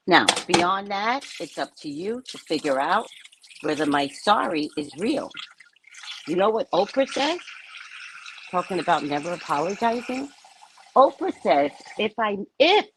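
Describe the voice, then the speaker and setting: A woman's voice: deep voice, normal speed, breathy edge, no echo, low-quality recording. A woman in her fifties, a spiritual talk host, giving a blunt, candid monologue full of personal stories and frank language. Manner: blunt, animated storytelling with frank swearing.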